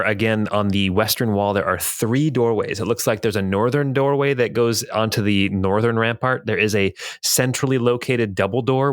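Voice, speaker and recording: A man narrating as game master in a tabletop role-playing game, describing scenes in a relaxed way with fillers. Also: fairly low pitch, dry recording, clean studio sound.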